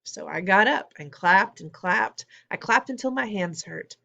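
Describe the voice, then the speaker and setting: A woman's voice: medium pitch, animated, a little slow, creaky, bright, forceful tone, highs cut off. A woman narrating a storybook in the first person, plain and conversational. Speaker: audiobook reader.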